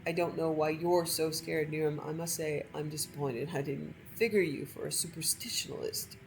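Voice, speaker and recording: A woman voicing a calm, matter-of-fact male adventurer who reassures and teases his companion while reading a game story aloud. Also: sits low, moderate pace, gravelly, a little hiss or hum, low-quality recording. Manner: dry, reassuring, slightly teasing.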